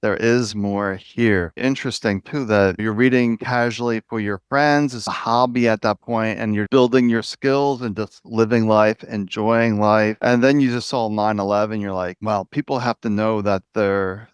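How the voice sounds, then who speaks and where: Man, host, low voice, smooth and resonant, earnest, affirming, dry sound. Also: fairly even intonation, normal speed, hardly any pauses, dry recording. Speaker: podcast host. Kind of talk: conversational interview.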